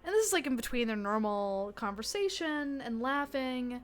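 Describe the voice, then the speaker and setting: Running a tabletop role-play game as game master, a woman narrates in a high-pitched voice with lively intonation at a moderate pace. Her delivery is chatty, full of fillers, restarts and self-corrections.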